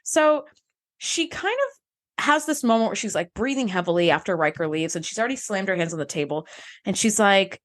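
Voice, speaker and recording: This fast-talking podcast co-host has a mid-range voice and is very animated, casually recapping and acting out what characters said.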